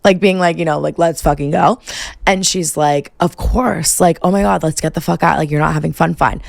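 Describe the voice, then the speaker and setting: Young woman podcast host, heavy vocal fry, dry close sound, casual swearing storyteller. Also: deep voice, fairly even intonation, fairly quick, dry recording. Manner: chatty, profane, filler-heavy.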